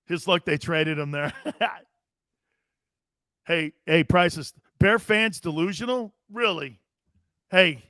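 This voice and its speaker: An excitable man from Connecticut hosts a sports talk show, rambling from story to story and laughing often. His voice sits a touch high for a man. The sound is dry and close on the mic. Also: slow, pauses often, no echo. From Connecticut, United States.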